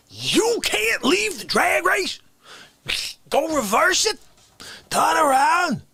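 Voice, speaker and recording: A man voicing a raspy older Bronx tough guy who demands respect, cornering people with questions in hoarse whispers and sudden shouts. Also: very high voice, voice pushed up, heavily acted. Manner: menacing interrogating rants.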